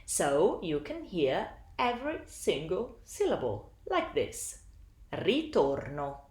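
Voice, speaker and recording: Slow, lively woman teaching. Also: medium pitch, reverberant. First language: Italian. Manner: slow, deliberate teaching delivery. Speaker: English teacher. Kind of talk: recorded lesson narration.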